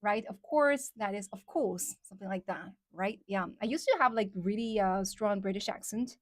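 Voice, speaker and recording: Speaking in a brisk, mid-range voice, this livestream host, a woman whose native language is Chinese, chats casually with her viewers and leans heavily on "um" and "like." There's no echo, and the recording sounds clean and studio-made.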